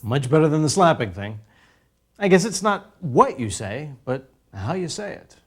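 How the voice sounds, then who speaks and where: A man's voice: on the high side, very animated, normal speed, slightly rough. A man giving scripted narration for an educational video, playful and theatrical in his emphasis.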